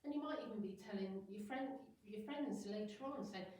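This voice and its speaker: A woman's voice: medium pitch, normal speed, dark tone. A middle-aged woman, a hypnotherapist, giving a chatty talk to a room of people and acting out little everyday scenes. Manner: chatty, acts out little scenes in quoted voices. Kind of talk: informal talk to an audience. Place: meeting room with an audience. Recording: very echoey room, voice far from mic.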